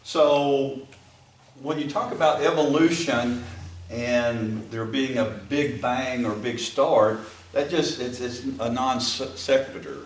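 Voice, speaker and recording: A man's voice: medium pitch, steady tone, slow. A man with an Appalachian accent teaching a Bible class in a folksy way, with frequent fillers and restarts. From American South. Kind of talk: classroom lecture. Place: empty classroom. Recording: echoey room, camera far off, faint ambient noise.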